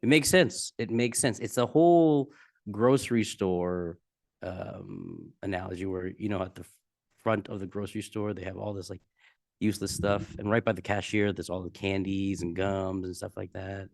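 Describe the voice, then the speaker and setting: A man with a fairly low voice co-hosts a casual comedy podcast. He banters in a relaxed, laid-back way and chuckles often. His voice comes through dry and close to the mic. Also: moderate pace, vocal fry, no room sound. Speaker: podcast co-host.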